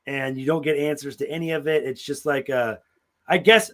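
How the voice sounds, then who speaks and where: A man's voice: medium pitch, moderate pace. A man co-hosting a podcast in casual chat, talking bluntly and cursing freely as he criticizes a TV episode. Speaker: podcast co-host.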